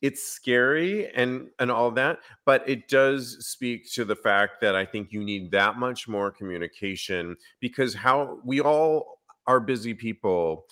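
A man's voice: mid-range voice, measured pace, hardly any pauses, fairly bright tone. A man hosting a podcast, talking with enthusiasm in a casual conversation. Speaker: podcast host.

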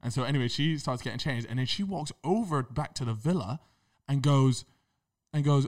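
Young man, podcast co-host, mid-range voice, animated slangy storyteller. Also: mid-range voice, brisk. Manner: animated storyteller, slangy, lots of repeated fillers. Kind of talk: casual storytelling chat.

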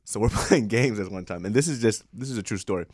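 A man's voice: fairly low pitch, quick pace, no echo, studio quality. A man co-hosting a casual podcast chat, telling stories with a lot of laughter and swearing. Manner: animated storyteller, laughs often, swears freely. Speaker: podcast co-host.

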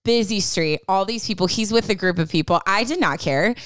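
A woman co-hosting a podcast, telling a story in a casual, animated way and acting out the quotes. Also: mid-range voice, brisk, no echo, clean studio sound. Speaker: podcast co-host. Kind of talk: casual chat.

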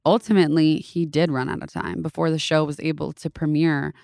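A woman's voice: deep voice, level tone, brisk, gravelly, darkish tone, dry recording, studio quality. A woman co-hosting a podcast, speaking in an earnest, reflective way. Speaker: podcast co-host. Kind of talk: casual chat.

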